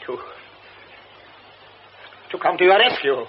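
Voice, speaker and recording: A man's voice: sits high, expressive, slow. An actor playing a formal, insistent well-to-do man in a radio drama, with a stammering, earnest manner. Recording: dull old radio recording with hiss.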